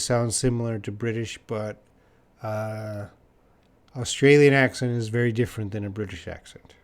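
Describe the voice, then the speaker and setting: A man's voice: mid-range voice, smooth. A Canadian man teaching English in a live online lesson, answering viewers' questions and repeating key words for learners. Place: living in Korea.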